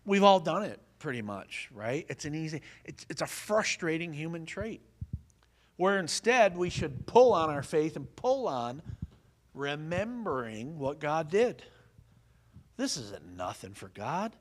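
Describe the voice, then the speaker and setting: Folksy storytelling pastor, slightly high voice. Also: male voice, unhurried, long pauses. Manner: lively storytelling, folksy jokes, asks the audience questions. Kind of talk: sermon.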